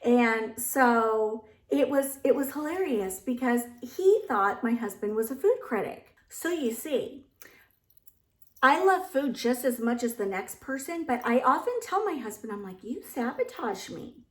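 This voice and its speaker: A woman's voice: on the high side, animated, measured pace. A woman vlogger telling a story in a chatty way, acting out what others said. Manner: chatty, acts out quotes of others. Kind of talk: casual storytelling. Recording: echoey room.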